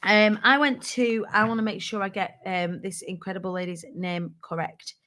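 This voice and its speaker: A woman talks straight to her audience in a loose, motivational style, with a forceful edge to her voice. She is candid and playful and swears casually as she coaches her viewers. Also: mid-range voice, steady tone, moderate pace. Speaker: host of a business tips show.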